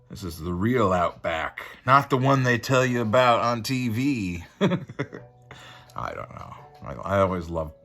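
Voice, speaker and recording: Laid-back, lively-voiced man reviewing comics. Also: on the low side. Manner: rambling, laid-back, with frequent fillers.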